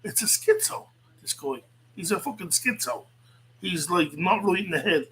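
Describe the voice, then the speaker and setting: A man's voice: sits high, moderate pace, pushed and bright, breathy edge, rough recording. An Irish man hosting, ranting angrily and swearing a lot, often repeating himself. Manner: angry, profane, repetitive. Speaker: host. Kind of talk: heated online rant.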